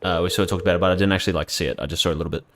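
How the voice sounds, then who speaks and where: Deep-voiced man rambling over gameplay. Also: fairly even intonation, rapid-fire, fairly bright tone. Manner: rambling, chatty, casually profane. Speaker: streamer. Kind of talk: casual gameplay commentary.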